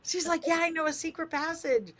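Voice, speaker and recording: An older woman radio host telling a funny story, lively and animated, acting out the voices in it. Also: a little fast. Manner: lively, acts out quoted voices with big pitch jumps.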